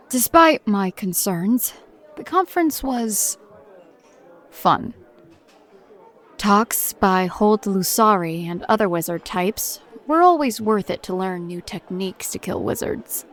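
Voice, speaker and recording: An actress voicing a hardened middle-aged mother and paranormal agent, who tells her report in a blunt, grim, dry-humored way. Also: medium pitch. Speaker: narrator of a recorded report. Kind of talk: audio drama monologue.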